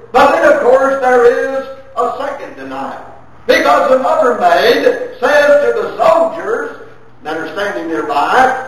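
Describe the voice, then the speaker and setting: A man from the United States preaching a sermon with slow, deliberate, emphatic phrasing. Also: extremely high pitch, recorded from a distance. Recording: very echoey room, voice from afar.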